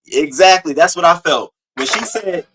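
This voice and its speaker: A man hosting a casual live-stream commentary, animated as he greets viewers by name from the chat and swears freely. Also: fairly high pitch, normal speed, slight background noise.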